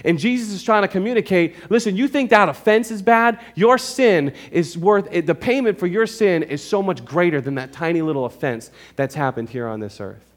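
A man's voice: high voice, lively intonation, normal speed, few pauses. A male pastor preaching a sermon to his congregation in church, emphatic and conversational, often checking in with his listeners.

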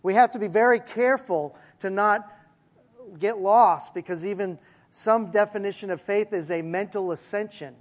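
A male pastor preaching a sermon in a conversational way, with asides to the congregation and slowing down to stress key phrases. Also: high-pitched.

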